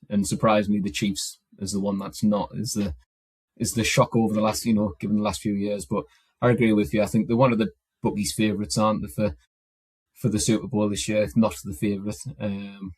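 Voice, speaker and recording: A man co-hosting a sports podcast over a video call, talking haltingly with many restarts. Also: lowish voice, husky, no echo. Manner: hesitant, lots of restarts. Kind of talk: casual sports chat.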